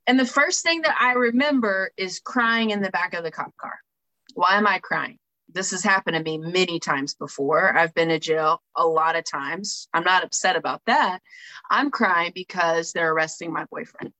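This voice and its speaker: Gravelly and on the low side, this woman's voice comes across pushed and bright through a low-quality recording. She relates her own recovery story frankly and conversationally, reading aloud from a book, checking in with the audience, and often adding "right?" and filler words.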